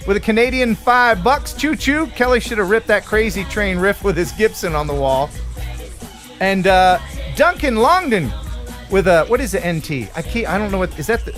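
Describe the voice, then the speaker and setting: An American livestream host with a high-pitched, animated, fairly bright voice talks at normal speed, joking and chatting casually as he reads out donors' names with an upbeat lift. Soft music plays in the background.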